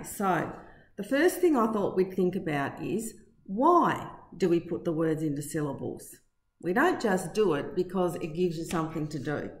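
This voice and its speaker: A middle-aged woman teacher giving a recorded spelling lesson to her pupils, slow and deliberate, stretching words out to show their syllables. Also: fairly low pitch, darkish tone. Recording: echoey room.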